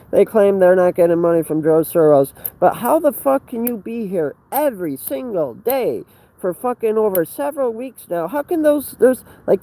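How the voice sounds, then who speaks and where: A man's voice: fairly high pitch, gravelly, warm tone, low-quality recording. A man livestreaming outdoors on a handheld phone, rambling in an agitated, profane way with stumbling restarts. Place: outdoors by a fenced facility.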